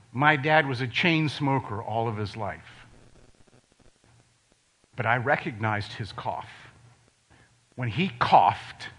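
An older man from Ohio preaching a sermon in a conversational way, dropping suddenly to quiet emphasis on key words. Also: mid-range voice, breathy edge. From Ohio, USA.

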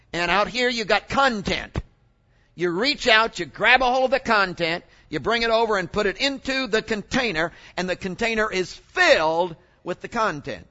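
Guy preaching a sermon, high bright voice, kinda dull lo-fi recording. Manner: animated, exclaims and asks the congregation questions.

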